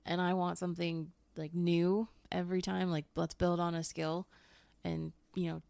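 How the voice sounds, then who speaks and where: A woman's voice: on the low side, level tone, normal speed, creaky, darkish tone, dry recording. A woman teacher chatting casually about a book she read, laughing often and swearing now and then. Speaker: teacher and guest book reviewer. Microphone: home microphone.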